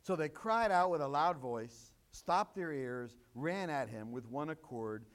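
A man's voice: on the high side, lively intonation, measured pace. A pastor preaching a sermon, acting out scripture quotes and repeating his points for emphasis. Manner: dramatic, quotes scripture in acted voices.

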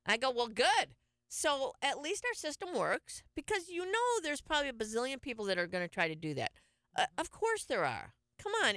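Bright, crisp-voiced chatty woman host. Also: mid-range voice, no room sound, studio quality. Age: middle-aged. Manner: chatty storyteller, laughs often. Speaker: radio show host. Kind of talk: casual morning show chat.

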